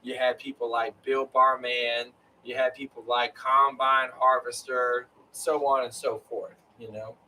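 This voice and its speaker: Bright-voiced man chatting casually. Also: mid-range voice, flat delivery, measured pace, few pauses, recorded from a distance, a little hiss or hum, low-quality recording. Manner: rambling, filler-heavy storytelling. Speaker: co-host of a live chat. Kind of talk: casual chat.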